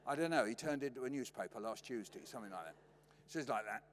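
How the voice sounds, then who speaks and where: A man's voice: medium pitch, animated, fast. An older man with a British accent telling funny family stories in a lecture, acting out the voices playfully. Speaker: guest lecturer. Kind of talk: humorous storytelling lecture. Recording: long reverb of a lecture hall.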